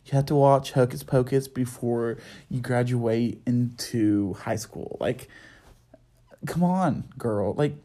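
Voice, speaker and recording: In a late-night solo podcast recorded at home, a young man from the United States speaks slowly with a medium pitch and a dark tone. His style is sassy and chatty, packed with fillers.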